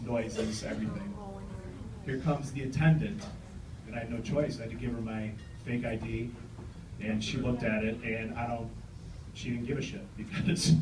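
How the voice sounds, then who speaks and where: Man, 40s, stand-up comedian, brash crowd work, distant mic, noisy roomy club. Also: mid-range voice. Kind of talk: stand-up set. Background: audience laughing.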